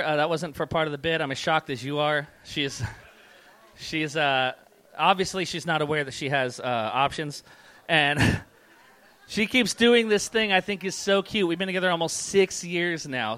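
A man's voice: on the high side, dry recording. A man in his thirties doing a stand-up comedy set with crude, sardonic humor. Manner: crude, sardonic, deadpan delivery.

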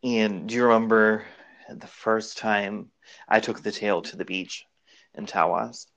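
With a fairly low pitch and a measured pace, a male podcast host rambles in relaxed, casual chat, remembering shared experiences out loud.

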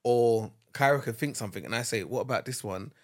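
A man's voice: medium pitch, a little fast, darkish tone. A man co-hosting a casual couple's podcast, explaining his point through everyday household examples in an easygoing way. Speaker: podcast co-host.

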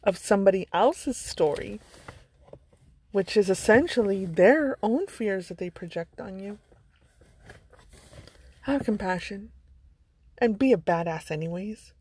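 A woman's voice: mid-range voice, lively intonation, a little slow, long pauses, darkish tone, husky. A woman vlogger giving a motivational monologue, earnest and blunt, with some swearing. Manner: earnest, blunt, sprinkled with profanity.

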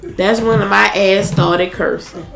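A woman's voice: mid-range voice, fairly even intonation, takes it slowly, vocal fry, a bit bright, faint music behind. A woman in her thirties chatting casually as a podcast co-host, telling stories in a blunt, profane way. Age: 30s. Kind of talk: casual chat. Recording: echoey room.

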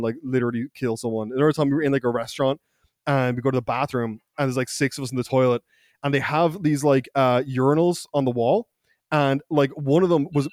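A man's voice: mid-range voice, dry recording, clean studio sound. A young man co-hosting a podcast, telling rowdy school stories in casual, profane chat, laughing often and quoting people in put-on voices. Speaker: podcast co-host. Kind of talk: casual storytelling.

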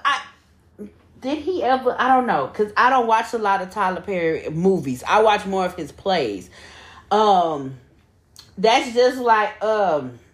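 A young woman co-hosting a podcast, chatting casually with lots of swearing and laughter. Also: mid-range voice. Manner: animated, profane, laughs often. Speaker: podcast co-host. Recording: echoey room.

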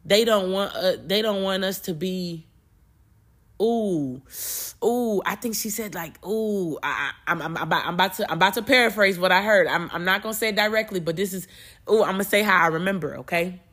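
A young adult woman hosts a podcast and talks casually about faith. She sounds emotional and animated, often repeating and restarting her words. Her voice sits at a medium pitch. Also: fairly quick. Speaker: podcast host and preacher. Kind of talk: casual spiritual talk.

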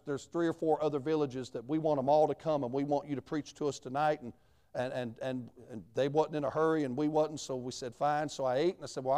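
A man's voice: a little high, a little mellow. Folksy missionary man preaching. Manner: folksy, plain-spoken, dialect grammar. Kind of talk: sermon testimony storytelling.

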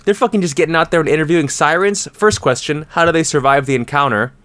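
A man's voice: on the high side, quick pace, fairly bright tone, slight background noise. A young man co-hosting a casual podcast chat, crude and joking, laughing often. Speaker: podcast co-host.

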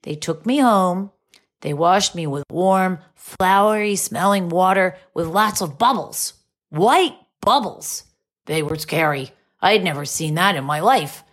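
Telling a kids' story through a dog's eyes, this female narrator keeps a measured pace. She's soft and expressive, and her voice climbs high in moments of surprise.

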